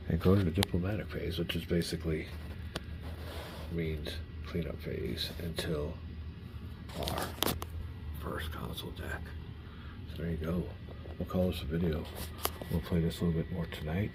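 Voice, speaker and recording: A man's voice: a bass voice, normal speed, pauses often, noisy background. A man hosting a solo board game, reading card text aloud and musing over each draw with easy fillers. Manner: hushed and quiet at first. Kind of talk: casual gameplay commentary.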